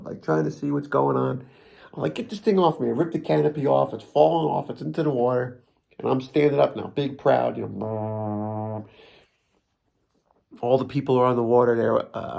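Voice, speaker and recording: A man's voice: mid-range voice, vocal fry, darkish tone, breathy edge. A man with a New Jersey accent telling a funny story in a rambling, self-mocking way with many restarts. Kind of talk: casual comic storytelling.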